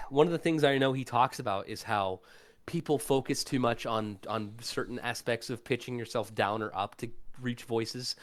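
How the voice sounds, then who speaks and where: Rambling man, voice actor on a podcast. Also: medium pitch. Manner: loose, rambling, heavy on fillers, demonstrates voices. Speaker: guest voice actor. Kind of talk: casual podcast chat.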